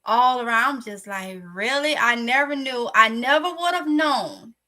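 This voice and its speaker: A woman's voice: fairly high pitch, a little slow. A woman from Mississippi with a Southern accent, casually telling her viewers a story in a candid, chatty vlog. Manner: chatty, candid, lively retelling. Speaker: vlogger.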